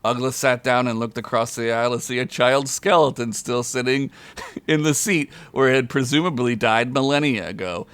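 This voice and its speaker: A man's voice: moderate pace, clear, resonant tone, dry recording. A man reading a comedic fantasy story aloud on a podcast, chuckling often as he goes. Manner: reads aloud with frequent chuckles, loud high character voices.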